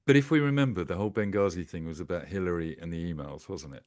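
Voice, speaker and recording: A man's voice: low-pitched, fast, darkish tone. An older man with grandchildren, joining a casual livestream chat with dry, teasing remarks. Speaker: cartoonist guest.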